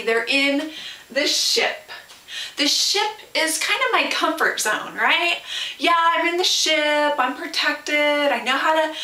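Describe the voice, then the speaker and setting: A woman's voice: high-pitched, pushed and bright. Chatty woman teaching a Bible lesson. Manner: chatty, with many asides and rhetorical questions. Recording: roomy, from a distance.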